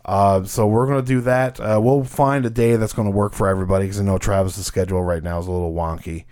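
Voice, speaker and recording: Brief: young male podcast host, loose and profane, drifting quieter at times. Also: lowish voice, steady tone, fast talker. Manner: profane, laughing, trailing off quietly. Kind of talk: casual chat.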